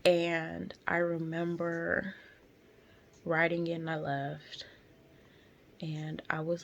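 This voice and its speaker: A woman's voice: lowish voice, little pitch movement, slow pace, creaky, pauses often, slight background noise. A young woman telling a painful personal story in her car, candid and tearful, with lots of slang and fillers. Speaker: vlogger.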